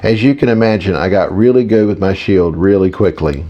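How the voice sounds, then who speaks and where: Casting: male narrator doing an earnest mage fighter, patient explainer, low-pitched. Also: brisk, highs cut off, lightly acted. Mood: serious. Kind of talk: audiobook character voice.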